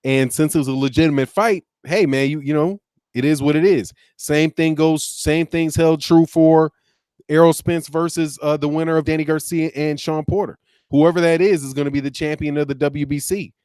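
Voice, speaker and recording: A man's voice: a little high, fairly even intonation, moderate pace, darkish tone, clean tone, no room sound, clean studio sound. A man hosting a casual boxing talk stream, rambling conversationally, restarting sentences and reading out viewer comments. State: sleepy, yawning. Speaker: boxing channel host.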